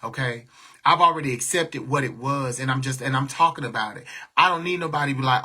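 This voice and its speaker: A man's voice: fairly high pitch, a little fast, bright, forceful tone, slightly rough. A man venting to viewers on a livestream, blunt and talking back to their comments. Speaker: livestream host.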